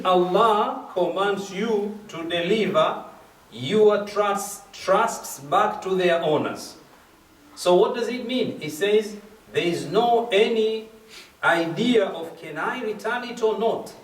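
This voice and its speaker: A man giving a religious lecture at a gathering, explaining verses step by step and repeating key phrases. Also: high-pitched. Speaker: speaker at a majlis. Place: mosque or community hall. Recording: echoey hall, mic at a distance.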